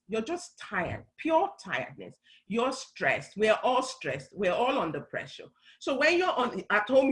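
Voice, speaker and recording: A middle-aged woman with a mid-range, slightly bright voice speaks on a church talk panel, captured in a rough recording. She explains things earnestly in a conversational teaching style, often restarting her phrases.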